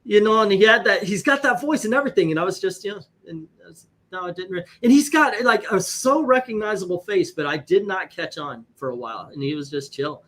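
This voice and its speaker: A man hosting a stream, telling profane, animated anecdotes in casual chat. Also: high voice, fairly quick. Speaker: host. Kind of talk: casual storytelling on a live stream.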